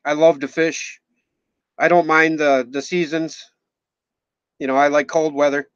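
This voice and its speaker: This forties-aged Minnesotan streamer talks casually, rambling, joking, dropping the odd swear word, and thanking viewers by name. His fairly high, steady-pitched voice is unhurried, fairly bright, and clean, with no echo, though the recording comes across slightly muffled and dull.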